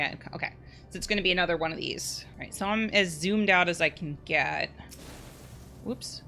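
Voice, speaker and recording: A woman's voice: mid-range voice, a little fast, sharp tone, faint music behind. A young woman playing a story game, reading the dialogue aloud and adding emotional, chatty asides. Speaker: let's play gamer.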